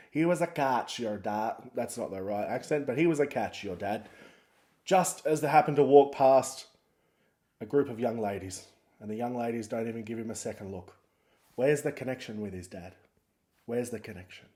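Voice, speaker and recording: A man's voice: medium pitch, mellow. A man hosting a podcast, chatting casually in a rambling, jokey, self-mocking way. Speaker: podcast host. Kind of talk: casual podcast intro chat.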